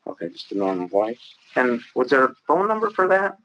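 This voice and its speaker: Guy asking calm interview questions, dull lo-fi sound. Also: medium pitch, brisk, a little hiss or hum. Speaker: police investigator. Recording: dull lo-fi recording.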